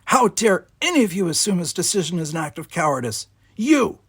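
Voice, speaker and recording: Man voicing a fierce proud woman cadet, raised pitch, husky, gravelly, storybook. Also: very animated, a little fast, full character voice.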